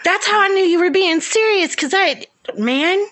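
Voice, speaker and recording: A woman with a Southern US accent co-hosting a podcast in giggly, animated, casual chat. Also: extremely high pitch, moderate pace. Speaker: podcast co-host.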